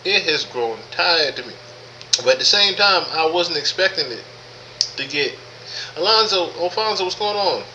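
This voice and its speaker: A man's voice: a little high, animated, normal speed, pushed and bright, a little hiss or hum, rough recording. A man hosting a live podcast stream, talking casually with lots of profanity, repeating himself and greeting chat viewers by name. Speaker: podcast host.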